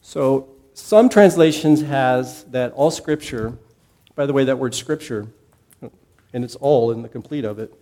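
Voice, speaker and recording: A man leads a Bible class with a mellow, relaxed voice. He talks in an easygoing, conversational way, stops to ask his listeners questions, and goes back over his key points. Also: medium pitch, a little slow. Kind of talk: casual classroom teaching.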